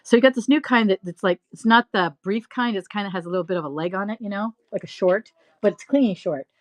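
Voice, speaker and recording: A middle-aged woman chats her way through a live sale stream, wandering off into long stories. She is animated and laughs often, and her voice sits at a medium pitch. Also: fast talker. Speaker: live-stream reseller host. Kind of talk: chatty live-selling stream.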